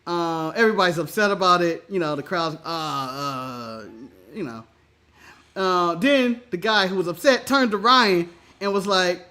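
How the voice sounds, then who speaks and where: Animated, high-voiced man telling a story. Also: unhurried. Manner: animated, laughing often, swears freely. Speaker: podcast co-host. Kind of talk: casual storytelling chat.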